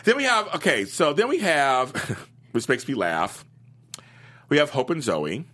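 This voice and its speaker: A man talks through the week's soap opera episodes with his co-host, his voice moving widely in pitch. He is animated, slips into playful quoted voices and laughs a lot. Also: measured pace. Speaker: podcast co-host. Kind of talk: casual chat reviewing a TV soap.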